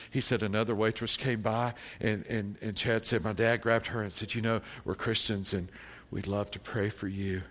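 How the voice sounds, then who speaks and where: In this sermon, the pastor shares an account drawn from his church community, quoting people in it. He starts quiet and low in reflection, then builds to loud, drawn-out proclamations for emphasis.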